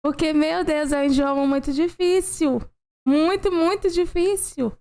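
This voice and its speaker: A woman's voice: high-pitched, normal speed, warm tone, a little hiss or hum. A woman co-hosting a reaction video, talking expressively. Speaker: reaction channel co-host. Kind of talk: casual reaction commentary.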